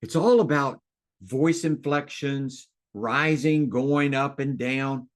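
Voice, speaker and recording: A man coaching real estate agents in a webinar, talking in an excited, fired-up way with big rises and drops in his voice. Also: takes it slowly. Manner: excited, fired-up delivery with big swings in pitch and loudness.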